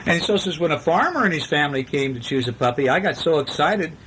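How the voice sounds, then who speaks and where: A man's voice: fairly high pitch, expressive, fast, a bit bright, a little hiss or hum. Playful man reading a bedtime story. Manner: playful, sing-song, chatty asides to the child. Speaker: parent reading to a child.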